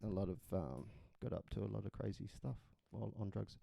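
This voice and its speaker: A man's voice: on the low side, fairly quick, creaky, mellow, dry recording. A man co-hosting a casual comedic podcast chat, rambling and jokey with stumbling restarts. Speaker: podcast co-host.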